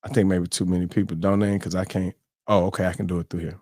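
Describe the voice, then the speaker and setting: A man's voice: deep voice, little pitch movement, quick pace, darkish tone, no room sound. Guy in his 40s running a live morning show, slangy and joking, dry close sound. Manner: loose, joking, full of "you know" fillers and slang. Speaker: host of a live morning stream. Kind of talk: casual live-stream chat.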